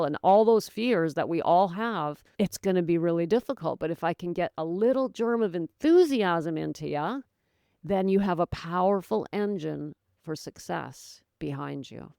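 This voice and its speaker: A woman's voice: on the low side, expressive, moderate pace, creaky, dark tone, smooth, dry recording, clean studio sound. A woman hosting her own sobriety podcast, talking straight to the listener in an earnest, encouraging, folksy way. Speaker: podcast host, sobriety coach. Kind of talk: motivational solo talk.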